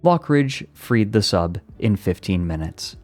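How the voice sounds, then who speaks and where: A man with a fairly low voice streams casually, reading an article aloud and cutting in with rambling, profane asides. Faint music plays softly underneath him. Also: big pitch swings, a little slow. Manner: profane, rambling asides between read passages.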